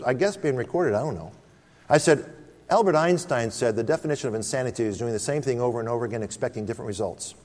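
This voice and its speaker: Emphatic preacher in a reverberant hall. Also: male voice, mid-range voice, a little mellow. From United States. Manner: emphatic, storytelling, calls out Amen. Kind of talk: sermon.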